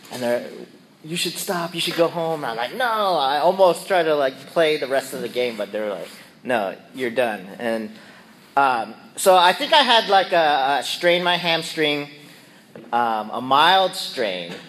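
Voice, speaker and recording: A man's voice: a little high, fairly bright tone, slight background noise. A middle-aged man casually telling a personal story and acting out his own yelps and quoted lines. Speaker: speaker sharing a personal reflection.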